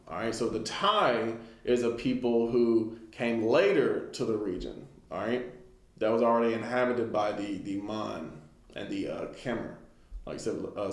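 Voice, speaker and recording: A man's voice: lowish voice, normal speed. Man, bible study teacher, reads then rambles with fillers, roomy echo. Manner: reads a text aloud, then comments loosely with many fillers. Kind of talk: informal Bible study lesson. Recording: echoey room.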